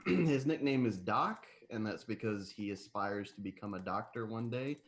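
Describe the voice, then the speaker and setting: Low-voiced man, halting and hesitant. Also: animated. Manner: halting, filler-heavy. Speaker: player. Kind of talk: describing his character at a tabletop game.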